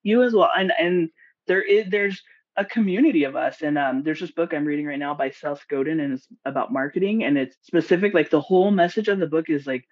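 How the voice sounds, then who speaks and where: A woman's voice: deep voice, a little fast, muffled recording. A woman guest on a podcast, a nurse practitioner and investor, speaking in a direct, outspoken way and laughing often. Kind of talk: casual podcast conversation.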